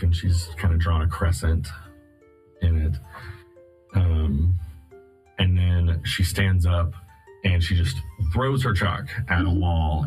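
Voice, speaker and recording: A man's voice: low voice, darkish tone, poor audio. A man narrating as game master of a tabletop game, often laughing as he describes the scene.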